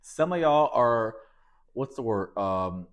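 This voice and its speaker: A man's voice: medium pitch, lively intonation, slow pace. A man hosting a solo podcast, talking in a sassy, campy way, laughing often and calling listeners baby and honey. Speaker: podcast host. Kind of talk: casual solo podcast monologue.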